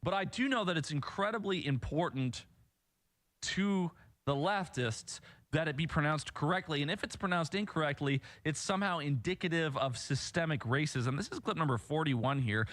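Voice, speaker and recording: A man's voice: a little high, a bit bright. A man hosting a political commentary show, talking in a sarcastic, mocking and indignant way between played clips.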